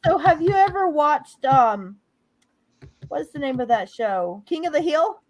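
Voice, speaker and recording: A woman's voice: high voice, very animated, unhurried, no room sound. A woman from the American South with a Southern accent touched by Cajun, chatting casually on a livestream, hesitant and rambling, repeating herself.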